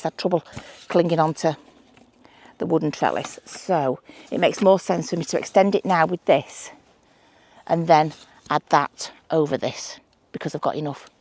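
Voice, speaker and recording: A woman's voice: low voice, mellow. A middle-aged woman with a Manchester accent, chatting casually and thinking aloud as she builds a trellis outdoors at her allotment for her vlog. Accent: Manchester English. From England. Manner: chatty, self-deprecating, thinks aloud while doing DIY. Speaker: allotment gardening vlogger. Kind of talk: casual vlog narration while working.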